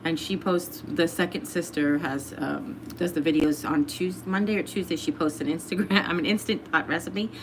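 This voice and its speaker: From her home, a woman hosts a casual livestream, chatting easily, laughing often and reading viewer comments aloud. Her slightly low voice is steady, at a moderate pace with hardly any pauses, over a faint background hum.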